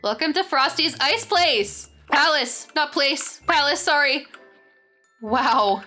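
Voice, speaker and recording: A young woman hosting a game tour, gushing with excitement and saying "very, very" over and over as she chats casually. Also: high voice, takes it slowly. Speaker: gaming channel host. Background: faint background music.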